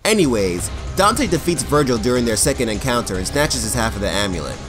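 A man's voice: medium pitch, sing-song, fairly quick, a bit bright, faint music behind. A man co-hosting a comedic game story recap, joking and cursing as he goes. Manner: profane, joking, acts out characters. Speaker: co-host.

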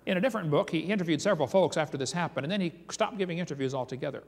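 A man's voice: fairly high pitch, rapid-fire, gravelly. A man giving a creation seminar as a lecture full of dramatic storytelling, reading eyewitness accounts aloud with emphasis. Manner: animated, reads eyewitness quotes aloud with emphasis. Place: large hall or church. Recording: long reverb from a hall.

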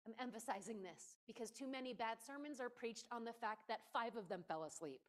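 Woman preacher, fairly high voice, chatty and playful, keeps checking in w the congregation. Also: brisk. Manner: playful, chatty and emphatic, with asides to the listeners. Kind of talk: conversational sermon. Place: church.

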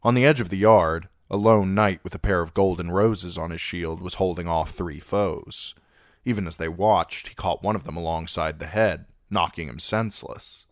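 A man narrating a fantasy novel as an amateur audiobook reader, with steady, even storytelling. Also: low-pitched, normal speed, dry recording, clean studio sound.

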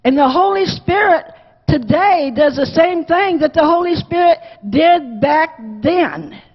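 A woman teaching a Bible lesson to a Sunday school class, lively, acting out the quotes and asking the class questions. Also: very high voice, a little slow. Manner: animated, acts out quotes, asks class questions. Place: church classroom. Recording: dull lo-fi with long church reverb.

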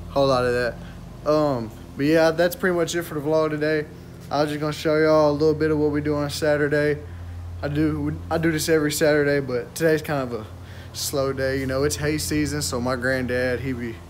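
A man's voice: on the high side, a little hiss or hum. A young man talking casually in a vlog, laid-back, with lots of repeated slang fillers. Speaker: vlogger.

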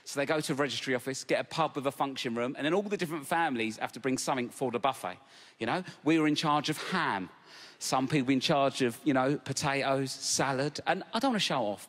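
Cheeky South East London comic. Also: male voice, mid-range voice. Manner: brash, cheeky, punchy. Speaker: stand-up comedian. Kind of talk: stand-up routine. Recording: live club, loud crowd laughter.

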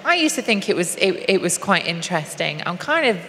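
A woman's voice: lowish voice, sing-song, a bit bright. A woman activist speaking earnestly on stage at a live event, often restarting her sentences. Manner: earnest, halting with frequent restarts. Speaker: activist and guest. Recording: long hall reverb, faint noise.

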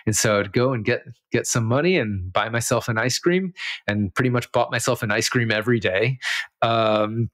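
A man's voice: mid-range voice, moderate pace, a bit bright, no echo. A man who grew up in Israel, a podcast guest telling a childhood story in a rambling, self-amused way with many fillers. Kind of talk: casual storytelling.

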